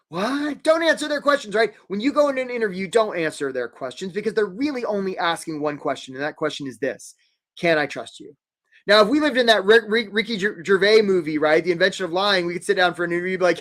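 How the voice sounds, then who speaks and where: A man hosting a live career webinar, energetic and jokey, acting out quick little quoted voices. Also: high-pitched.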